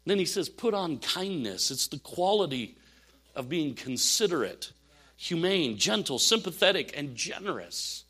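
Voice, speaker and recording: An older man preaching a sermon, telling animated stories with laughs and asides. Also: fairly high pitch, normal speed, slightly rough. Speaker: pastor.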